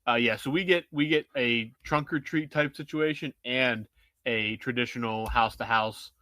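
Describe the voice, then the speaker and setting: A man's voice: medium pitch, steady tone, normal speed, sharp tone, no echo. A man in his thirties co-hosting a casual sports podcast, talking loosely with lots of fillers. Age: 30s. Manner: loose, filler-heavy chatter. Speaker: podcast co-host.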